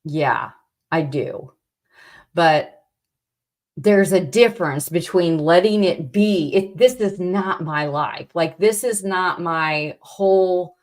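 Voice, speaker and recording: Slow, exasperated woman livestreaming. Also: lowish voice. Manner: exasperated, rambling, many "like"s and restarts. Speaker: livestream host. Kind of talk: casual livestream chat, reading chat.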